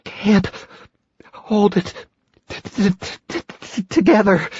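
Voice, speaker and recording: A freezing young woman fugitive stammers every word through chattering teeth, strained and raised high, as a male narrator puts her on. The read is slow and dry on a dull, lo-fi audiobook recording. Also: darkish tone, husky, no echo, heavily acted. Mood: stuttering, desperate. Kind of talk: audiobook character voice.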